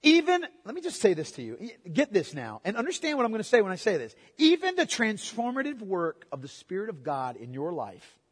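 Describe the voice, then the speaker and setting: A man preaching a sermon with emphatic delivery. He repeats key words and moves between loud proclamation and quiet, intimate asides. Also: high-pitched, wildly swooping pitch, brisk, breathy edge. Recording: long hall reverb.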